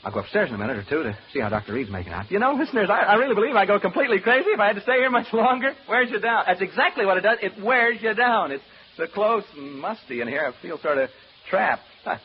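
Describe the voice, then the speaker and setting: A man's voice: medium pitch, animated, fast, a little hiss or hum, close to an everyday voice. An actor playing a chatty, nervous radio announcer alone in a haunted house, rambling and joking nervously as he talks to his listeners in a 1940s radio drama. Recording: muffled old radio broadcast recording.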